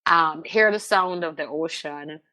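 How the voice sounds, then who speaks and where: A woman's voice: sits low, unhurried, pushed and bright. A woman from Jamaica with a Jamaican accent, a podcast guest talking candidly and emphatically in conversation, often repeating words for emphasis.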